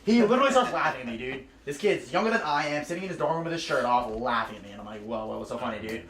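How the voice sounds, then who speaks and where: A man's voice: fairly high pitch, very animated, racing, a bit bright, slight background noise. A young man, telling a slangy, profane recruiting story to a small crowd at a house party. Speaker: recruiting speaker. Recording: echoey room.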